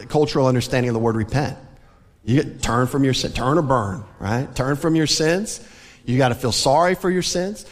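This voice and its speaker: In a church sanctuary with the sound of a large hall, a Southern American man preaches a sermon as pastor. His mid-range voice stays earnest and conversational, broken now and then by light laughs.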